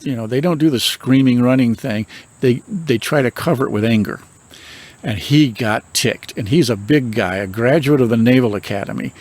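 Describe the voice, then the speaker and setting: An older man tells his ghost stories in a calm, measured way. He takes his time and lets dramatic pauses hang between the beats. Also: mid-range voice. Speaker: paranormal investigator and reverend. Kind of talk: storytelling.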